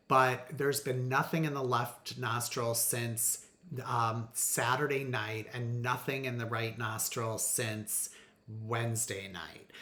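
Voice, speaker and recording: A man casually telling his own story to the camera, earnest and animated, with some fillers. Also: medium pitch. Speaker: vlogger. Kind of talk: casual personal vlog. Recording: roomy echo.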